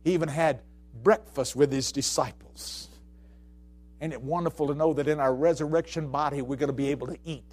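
A man preaching a sermon, telling stories and repeating phrases, swinging between hushed tones and shouting. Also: a little high, fairly even intonation, a little fast. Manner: storytelling, repeats phrases for emphasis.

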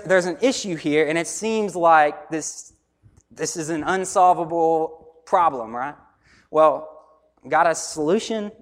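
A man's voice: a little high, a bit bright, long reverb tail. A man preaching a sermon as pastor, conversational, repeating his points and asking the crowd questions. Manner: conversational preaching with repeated phrases and asides to the audience.

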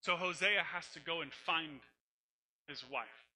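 A man's voice: on the high side, unhurried, pushed and bright, a little hiss or hum, poor audio. A man preaching a sermon, telling a scripture story in an emphatic, conversational way. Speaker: pastor.

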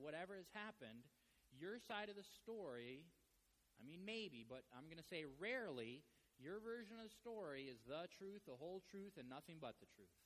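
A man preaching a sermon as pastor, talking in a loose, conversational way with animated storytelling. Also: high-pitched. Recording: long reverb of a large hall.

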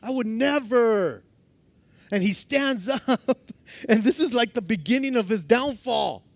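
High-voiced man preaching a sermon. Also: measured pace, creaky, no echo. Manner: animated, laughing, acting out quotes with swings from loud to hushed. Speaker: pastor.

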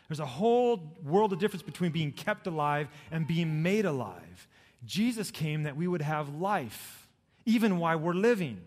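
A male pastor preaching a sermon, dramatic, swinging from loud emphatic peaks to soft low lines. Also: long reverb tail.

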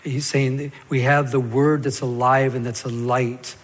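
A man preaching a sermon as a pastor, telling the scripture story in a lively way and acting out the stammering parts. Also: mid-range voice, a little slow. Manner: animated storytelling, acts out Peter's stammer. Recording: long hall reverb.

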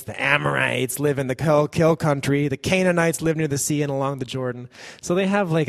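A man preaching a sermon as a pastor, animated, often acting out the voices of the people in the passage he reads. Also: mid-range voice. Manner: animated, acts out quoted voices. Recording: long hall reverb.

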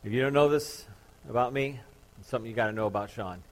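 A man's voice: mid-range voice, fast. A man in his thirties, a pastor preaching to his church congregation, telling a story in a casual, joking, self-deprecating way. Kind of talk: sermon.

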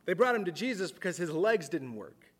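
A man preaching a sermon in an earnest way, repeating words as he thinks aloud and dropping his voice low for emphasis. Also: very animated, a little fast, husky, in a large hall. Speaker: pastor.

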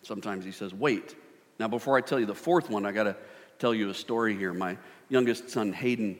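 Middle-aged guy preaching, goes loud then real quiet, lowish voice, big echoey hall. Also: fast talker. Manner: animated, shifts from loud to hushed. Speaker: pastor. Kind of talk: sermon. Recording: long hall reverb.

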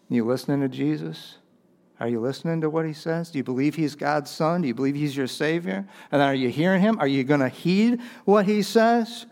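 A male pastor preaching a conversational sermon, often asking the congregation rhetorical questions. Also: on the high side.

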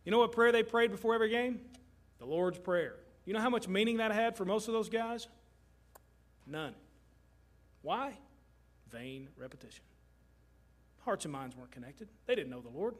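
A middle-aged man from Kentucky delivers a sermon from the pulpit. His voice sits high for a man, and his earnest, emphatic delivery leans on repetition to drive each point home. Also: expressive, normal speed, pauses often. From Kentucky, USA. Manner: earnest, emphatic preaching with repeated phrases. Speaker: pastor.

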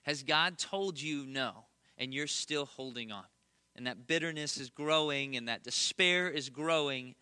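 A man's voice: mid-range voice, a little slow, pushed and bright, clean tone, no echo, studio quality. A man in his thirties preaching a conversational sermon, earnest, with emphatic repetition and self-deprecating humor. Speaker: pastor.

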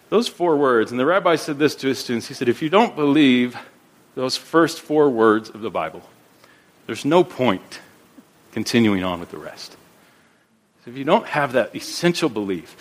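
This medium-pitched man preaches as a pastor with earnest conviction, repeating words often to build each point and slowing whenever he quotes scripture.

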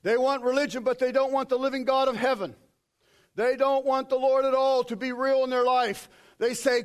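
Male pastor, very high voice, sermon delivery with loud bursts and hushed asides. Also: fairly even intonation, fairly quick, clear, resonant tone. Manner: preaching with sudden shouted quotes and quiet asides.

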